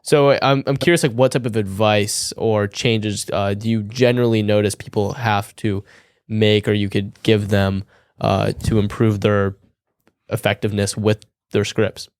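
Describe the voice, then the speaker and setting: A man with a fairly low voice hosts a podcast, asking his questions in a loose, easygoing way packed with "like". The sound is dry and close, with very little room in it. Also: fairly even intonation, unhurried, darkish tone, clear, resonant tone, no room sound. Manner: loose, filler-heavy questions with lots of "like". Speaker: podcast host. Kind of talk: casual podcast interview.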